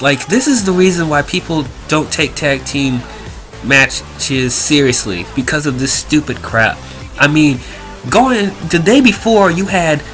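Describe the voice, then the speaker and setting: A man's voice: fairly high pitch, pushed and bright. A young man giving a rambling, exasperated review, full of fillers and restarts. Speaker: wrestling reviewer. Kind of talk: casual review rant.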